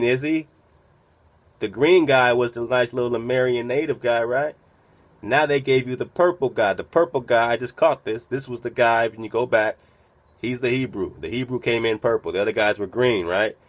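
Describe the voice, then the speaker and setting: A man hosting a radio talk, giving preachy, profane commentary over a played recording and peppering it with rhetorical questions. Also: medium pitch. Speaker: radio host.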